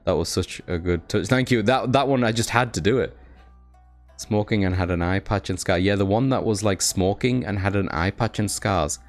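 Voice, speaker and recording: Over soft background music, a young man from Britain talks at a moderate pace in a lowish voice on his live stream. He's chatty, reads the chat aloud, thanks viewers, and swears occasionally.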